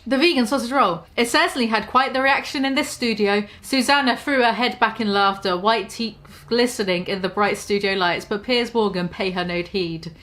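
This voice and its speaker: A woman with a mid-range, fairly bright voice reads her own comic story aloud at normal speed with few pauses. She trips over words, pokes fun at herself, and laughs at her own writing.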